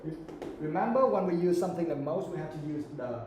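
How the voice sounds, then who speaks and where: A male teacher explains English grammar to a live class. His voice sits a bit high and sounds mellow. The room is echoey, with faint background noise. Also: lively intonation, fast talker. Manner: checks understanding with repeated questions.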